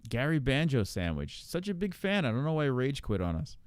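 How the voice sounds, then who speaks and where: A man's voice: mid-range voice, very animated, a little fast, smooth, dry recording. A man hosting a podcast, chatting casually and profanely while reacting to online streams, often laughing. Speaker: podcast host.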